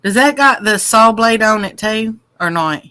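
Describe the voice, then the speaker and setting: A woman's voice: a little high, animated, unhurried, pushed and bright. A woman chatting casually beside the host, teasing him in an easygoing way. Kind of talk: casual chat.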